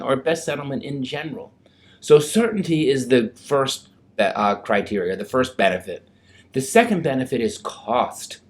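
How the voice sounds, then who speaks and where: A male lawyer talks clients through a legal process in a relaxed, conversational way. His voice sits at an ordinary middle pitch, and he keeps things plain and easy to follow. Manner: conversational, explains in plain terms.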